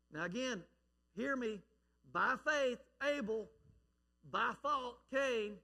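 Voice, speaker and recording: A male pastor preaches with emphatic conviction, dropping to quiet lines and then rising to loud ones. His voice is high for a man and bright. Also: expressive, slow pace, gravelly, pauses often, long reverb tail. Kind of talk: sermon.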